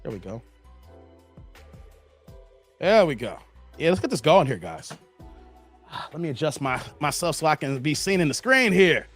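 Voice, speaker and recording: A man's voice: on the high side, a little slow, long pauses, husky, faint music behind. A man hosting a livestream, talking bluntly and casually to his chat. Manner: animated, blunt, talks straight to chat. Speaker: livestream host.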